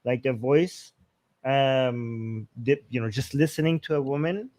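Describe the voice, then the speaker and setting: A man's voice: medium pitch, unhurried, darkish tone. A man from Iran co-hosting a casual live-stream discussion, talking in rambling bursts full of restarts and fillers. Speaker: co-host.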